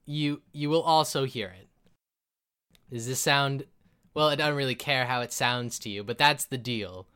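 Guy playing a smug changeling quest guy, offhand and teasing, smooth bright voice. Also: medium pitch, moderate pace, close to an everyday voice. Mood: dismissive. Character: smug male changeling guild quest-giver.

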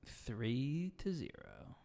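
Brief: man, mid-range voice, podcast co-host, dry deadpan humor, long reverb. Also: mid-range voice, very slow, vocal fry. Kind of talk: casual chat.

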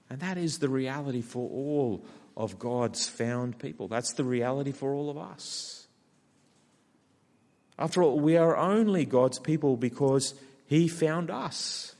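A man with an Australian accent preaching a sermon, acting out a sulky character's complaints in a lively way. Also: mid-range voice. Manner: animated, acts out Jonah's whiny complaints. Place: church hall. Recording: long hall reverb.

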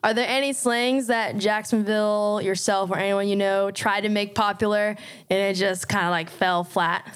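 A woman co-hosting a podcast, chatty and curious in her questions. Her voice is smooth and resonant, at a middle pitch. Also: fairly even intonation, moderate pace. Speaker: podcast co-host. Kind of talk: casual interview chat.

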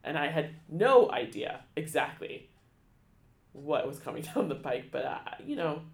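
A man telling a personal story in an interview, halting, with many restarts and fillers, becoming emotional. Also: a little high, big pitch swings, gravelly, echoey room. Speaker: guest, theater education staff. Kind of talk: conversational storytelling.

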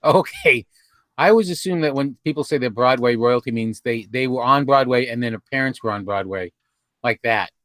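A man leads a loose group chat as its host, circling his point with fillers and false starts. His voice sits at a middling pitch. It sounds dry and close, with little room to it. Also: expressive, a bit bright, no echo. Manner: rambling, halting with many restarts and fillers. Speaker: podcast host. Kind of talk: casual group chat over video call.

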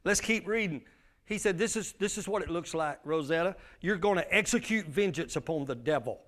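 A man's voice: on the high side, animated, fairly quick, a bit bright. A male pastor, preaching a sermon with emphatic call-and-response.

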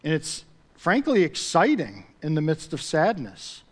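A pastor with a high-pitched male voice delivers a sermon. He talks to the congregation in a casual, conversational way. He rises into emphatic swells and repeats key phrases for weight. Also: wildly swooping pitch, unhurried, breathy edge.

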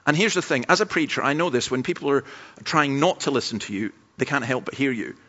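A man preaches a sermon at a church camp, talking through stories with a chatty, aside-filled manner. His voice sits at an ordinary middle pitch. The recording sounds dull and muffled, like a modest lo-fi capture of the talk. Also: fast talker, bright, forceful tone, breathy edge. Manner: conversational storytelling with asides.

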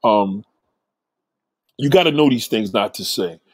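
A man's voice: lowish voice, lively intonation, measured pace, a little mellow, no room sound. A man talking straight into the camera, blunt and profane, rambling as he gives advice. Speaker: vlogger giving advice. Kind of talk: casual monologue.

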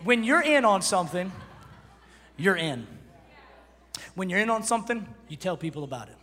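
A pastor in his thirties preaching a sermon, animated and joking, swinging from shouts to hushed storytelling. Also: high-pitched, normal speed, long reverb tail.

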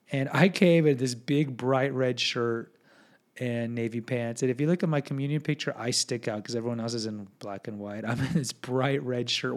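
A young man reading from his own memoir and commenting on it in a casual, candid, self-deprecating way, with frequent asides and restarts. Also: medium pitch. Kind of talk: casual personal storytelling.

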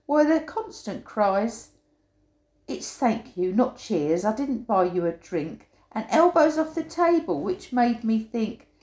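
An older English woman, a poet, reads her own humorous rhyming poem aloud in a mid-range, dark-toned voice. She gives quoted sayings playful, punchy emphasis. The recording has a roomy echo.

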